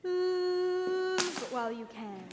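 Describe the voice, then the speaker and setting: A woman's voice: very high voice, animated, drawn-out words, heavy background noise, full character voice. A young woman playing a drowsy, drawling chaperone. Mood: languid. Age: teens. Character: tipsy, drowsy, worldly older female chaperone. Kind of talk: stage musical acting. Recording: reverberant auditorium stage.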